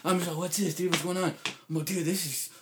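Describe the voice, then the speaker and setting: A man telling a rambling, profane story in casual chat, saying "dude" constantly and getting loud when excited. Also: high-pitched, fast talker, crowd noise.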